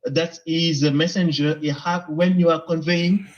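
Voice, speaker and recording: A man calling in to a debate show, speaking hesitantly with many pauses and restarts. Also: a little high, steady tone, muffled recording, a little hiss or hum. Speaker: caller. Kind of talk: phone-in debate.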